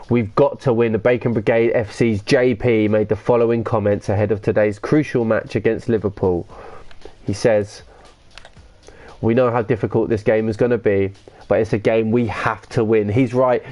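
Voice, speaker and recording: A man hosting a live gaming stream, talking loosely and excitably as he plays. He reads out viewer comments and answers them in slangy banter, with the odd swear word thrown in. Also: fairly low pitch.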